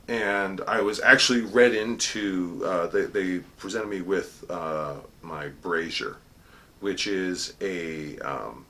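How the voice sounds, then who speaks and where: Bright-voiced man telling a story. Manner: chatty, self-deprecating, with fillers and restarts; booming formal proclamation when quoting court cries. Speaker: court herald. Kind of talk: casual storytelling monologue.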